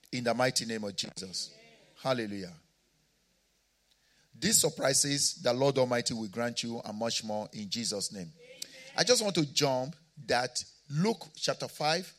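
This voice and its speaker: A man with an African accent, a pastor preaching a sermon, moving between quiet asides and shouted declarations. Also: mid-range voice.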